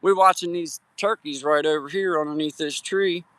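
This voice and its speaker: Holding his phone for a live stream on a hiking trail at sunset, a Virginia man chats casually and greets viewers by name, folksy and friendly. His voice is a little high and a bit bright, steady in tone at normal speed, with no echo.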